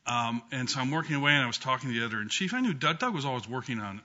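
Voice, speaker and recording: Bright-voiced man telling a funny memorial story. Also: medium pitch, expressive, racing. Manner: humorous storytelling with frequent ums and restarts. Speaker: law professor giving memorial remarks. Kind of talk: anecdotal speech at a memorial gathering. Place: law school courtroom with an audience. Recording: dull lo-fi recording.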